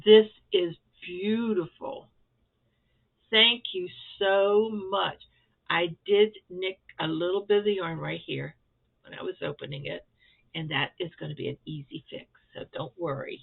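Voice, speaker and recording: A woman's voice: fairly low pitch, measured pace, creaky, breathy edge. An older woman vlogging about her crafts, rambling and effusively grateful, with a self-deprecating way of talking. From Florida. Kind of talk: casual chatty update. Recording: tinny phone-like sound.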